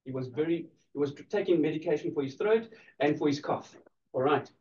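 A man delivers a lively law lecture, teasing his students and laughing along with them. His voice sits high for a man. He is heard from across an echoey room, and the recording sounds dull and lo-fi. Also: fairly quick, far from the mic. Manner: playful, teasing the audience, laughing often.

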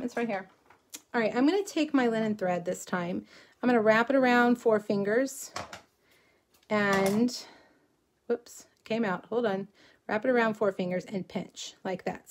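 A middle-aged woman from South Texas with a slightly higher voice. She chats loosely while crafting live on camera, drifting into stories and reading viewers' comments aloud. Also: a little mellow. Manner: chatty, rambling, reads viewer comments aloud while working. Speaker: crafting livestream host. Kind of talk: casual crafting livestream chat.

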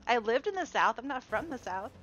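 A woman's voice: on the high side, big pitch swings, a little fast, fairly bright tone, dull audio. A woman from Chicago chatting casually while gaming on a stream and laughing often.

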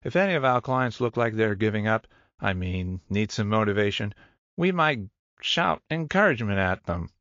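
A man's voice: on the low side, expressive, moderate pace, fairly bright tone, dry recording. A man voicing an eager, chatty young male gym trainer who rambles enthusiastically, in a dull, dry audiobook recording.

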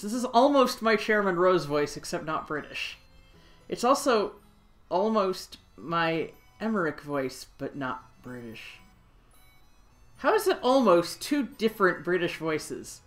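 A woman giving casual let's play commentary while playing a video game, chatty and quick to exclaim. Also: lowish voice, sing-song, soft background music.

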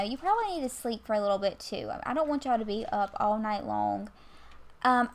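A woman's voice: mid-range voice, fairly bright tone. A woman, chatting casually while playing a life-sim game into a desk mic, scolding the characters with exasperated asides. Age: 20s. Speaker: gaming YouTuber. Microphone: USB desk mic.

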